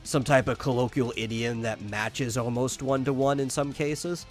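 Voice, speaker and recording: A man's voice: mid-range voice, steady tone, moderate pace, faint music behind. Rambling man co-hosting a podcast. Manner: rambling, repeats words when starting sentences. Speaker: podcast co-host. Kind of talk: casual chat.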